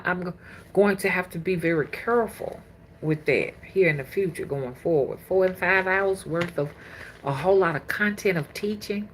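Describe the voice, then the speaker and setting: A woman's voice: fairly low pitch, a little hiss or hum. Chatty woman livestreaming. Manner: chatty, laughs often, slangy and animated. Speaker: spiritual reader hosting a livestream. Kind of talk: casual livestream chat with viewers.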